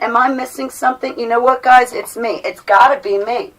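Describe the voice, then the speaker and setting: A woman talking to her viewers in an animated, emphatic way, her voice swinging from loud to soft. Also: a little high, brisk. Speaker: vlogger. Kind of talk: casual monologue to viewers. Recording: voice a bit far from mic.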